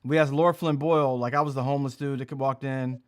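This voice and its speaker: A man's voice: mid-range voice, steady tone, fast. A male comedian hosting a comedy podcast, reminiscing in an easygoing way with lots of fillers and laughs. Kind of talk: casual comedy podcast chat.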